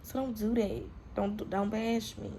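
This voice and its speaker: A young woman talks straight to her camera in a vlog, her voice gravelly at the edges. She tells her story candidly and with plenty of swearing, acting out what people said. A faint hiss of noise sits behind her. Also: medium pitch, unhurried. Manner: candid, profane, animated retelling with quoted dialogue. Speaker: vlogger.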